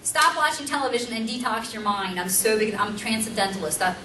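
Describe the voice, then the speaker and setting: A woman's voice: a little high, steady tone, brisk, pushed and bright. A middle-aged woman giving a conversational teaching seminar, emphatic and full of rhetorical questions to her audience. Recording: roomy, distant mic, faint background hum.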